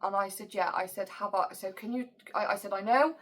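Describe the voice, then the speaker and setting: A young woman tells a personal story straight to camera in a vlog. She talks in an emotional, animated way and acts out what other people said. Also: mid-range voice, brisk. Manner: emotional, animated retelling with quoted dialogue. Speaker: vlogger.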